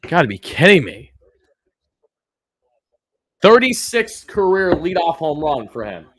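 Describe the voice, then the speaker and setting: Exasperated sarcastic fan, lively voice. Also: male voice, a little high, measured pace, dry recording, studio quality. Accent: New York. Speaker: fan live-streaming a game. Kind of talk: fan reaction play-by-play.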